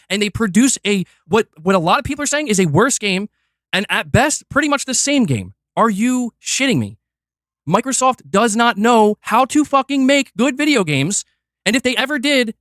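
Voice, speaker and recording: A man's voice: very high voice, a bit bright, no echo, studio quality. A man ranting as a gaming commentator, reacting to a video in a fiery, exasperated, profane way. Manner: fiery, exasperated, profane, talks fast in bursts. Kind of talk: heated reaction rant.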